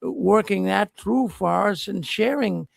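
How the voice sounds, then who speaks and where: Older man, host, very gravelly, high voice, dry close sound, folksy rambling chat. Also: slow, no room sound. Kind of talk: casual livestream chat.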